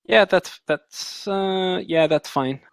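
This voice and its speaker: A man running a tabletop game as dungeon master, narrating loosely with many pauses and fillers. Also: sits high, smooth, no room sound.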